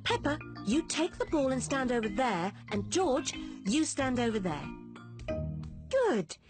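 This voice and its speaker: A woman voicing a kind, sensible mother pig in a children's cartoon, talking in a gentle, patient, encouraging way. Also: high-pitched, sing-song, unhurried. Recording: music behind the voice.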